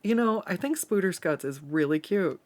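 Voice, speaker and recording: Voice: medium pitch, lively intonation, normal speed. A streamer from the Pacific Northwest chatting casually while drawing and reading chat aloud, swearing freely and laughing often.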